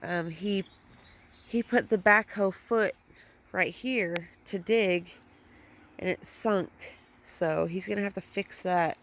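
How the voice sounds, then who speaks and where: A woman's voice: lowish voice, slow, fairly bright tone, slight background noise. A woman giving a casual, chatty gardening vlog outdoors in her front yard, swearing at times, filmed on a handheld phone. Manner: chatty, swears when annoyed. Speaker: vlogger.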